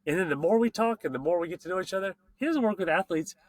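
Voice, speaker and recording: A man hosting a casual podcast, talking about racing in an excited, slangy way that swears freely. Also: high voice, quick pace, no echo. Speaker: podcast host and mountain bike racer.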